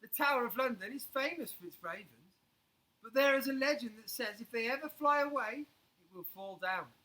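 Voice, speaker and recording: Storybook casting: man playing a genial grey-haired official, formal, bright voice. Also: very high-pitched, expressive, moderate pace, pitched above the performer's own voice, exaggerated voice, rough recording.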